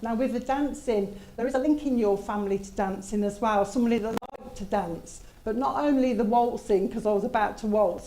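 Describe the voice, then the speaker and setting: A woman's voice: on the high side, mellow, poor audio. A woman working as a medium, relaying messages from spirit in a chatty way with asides. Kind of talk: mediumship demonstration at a service.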